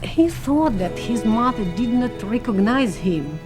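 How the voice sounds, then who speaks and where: A woman recounting her memories in an interview, speaking haltingly with many hesitations. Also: fairly high pitch, sing-song. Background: music.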